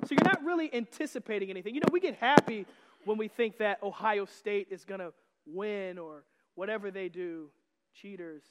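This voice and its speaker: A male pastor delivers a sermon in a church sanctuary, his voice pitched unusually high. He teases the congregation with jokes and lifts to shouted emphasis on his main points. Long reverb hangs in the hall around him. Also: normal speed, a little hiss or hum. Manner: joking and teasing, rising to shouts.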